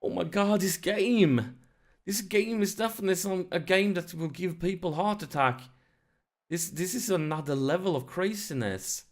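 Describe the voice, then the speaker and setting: A man narrating his football management game, swinging from quiet muttering to shrieking excitement. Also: high-pitched, moderate pace. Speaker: let's play gamer. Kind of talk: excitable live game commentary.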